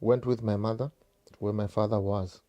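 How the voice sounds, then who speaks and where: A man's voice: on the low side, fairly even intonation, normal speed, warm tone. A South African man telling a painful personal story straight to his viewers, repeating phrases and calling them guys. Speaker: vlogger.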